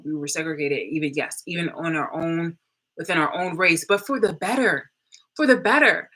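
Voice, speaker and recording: Low, forceful woman ranting angrily. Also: low-quality recording. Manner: angry, profane, with many fillers and restarts. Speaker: vlogger. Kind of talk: heated monologue rant.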